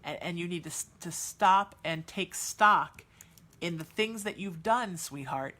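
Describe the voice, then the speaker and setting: Woman psychic host, low-ish voice, chatty and soothing, lots of ums. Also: expressive, unhurried, bright, forceful tone. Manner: soothing, reassuring, calls listeners sweetheart; chatty, with many fillers and restarts. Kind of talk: live psychic readings for chat viewers.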